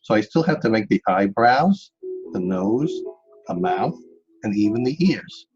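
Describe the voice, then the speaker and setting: A man's voice: lowish voice, lively intonation, unhurried, muffled recording, over music. A man from Staten Island teaching an online children's craft lesson, patient and step by step, talking straight to the kids. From Staten Island, New York. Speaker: art teacher.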